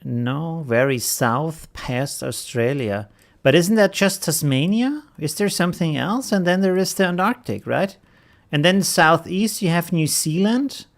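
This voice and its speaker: A man's voice: on the high side, unhurried, gravelly. A man with a German accent hosting a casual live stream, greeting viewers by name and chuckling often.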